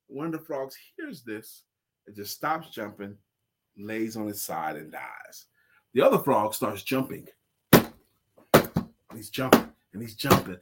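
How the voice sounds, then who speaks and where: A man co-hosting a casual live show, chatting and telling a story in an animated, dramatic way. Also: fairly high pitch, moderate pace. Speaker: co-host.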